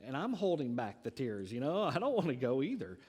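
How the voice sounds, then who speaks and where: A man preaching a sermon in a church, telling a personal story in a lively way with pauses. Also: medium pitch, breathy edge, long reverb tail. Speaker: pastor.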